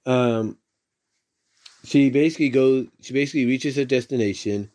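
A man's voice: medium pitch, normal speed, a little mellow. A man giving a casual, loosely worded recap of a story, stopping often to search for words and repeating the same stock phrases. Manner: rambling, many fillers and restarts, repeats "if you will".

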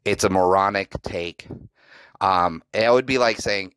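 A man's voice: on the low side, a little slow, fairly bright tone, clean tone, no room sound, low-quality recording. A man hosting a solo sports podcast, ranting sarcastically and profanely about a rival team's staff. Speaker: podcast host. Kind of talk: solo sports reaction rant.

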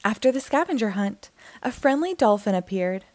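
Animated woman reading a kids' story. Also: a little high, normal speed. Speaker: children's storyteller. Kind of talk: reading a children's book aloud.

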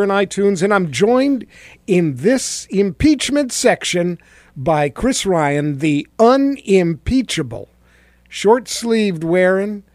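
A middle-aged male radio host delivers mocking political commentary in a sarcastic way. His voice is high for a man. The sound is dry and close to the mic. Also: a little mellow, dry recording. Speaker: radio talk show host.

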